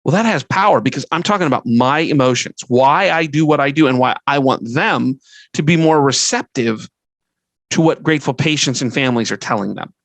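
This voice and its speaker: A man's voice: mid-range voice, fairly quick, a bit bright, no echo, poor audio. A middle-aged man hosting a podcast, giving earnest advice in a conversational way, listing his points and often restarting a sentence. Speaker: podcast host and fundraising consultant.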